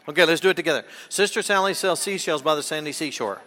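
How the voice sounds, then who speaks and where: A man's voice: a little high, fast talker, few pauses, bright, forceful tone, a little hiss or hum. A man giving a children's sermon in a church, playful and coaxing, asking the children question after question. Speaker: pastor. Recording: long echo of a large hall.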